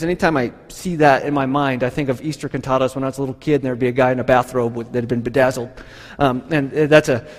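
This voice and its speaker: Lively high-voiced man preaching. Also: big-room sound. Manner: animated storytelling, acts out voices. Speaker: pastor. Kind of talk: sermon.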